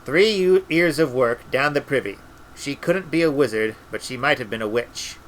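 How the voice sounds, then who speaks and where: A man reading a story aloud in a relaxed way, with restarts and little asides. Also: medium pitch, normal speed, a little hiss or hum, poor audio. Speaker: audiobook reader.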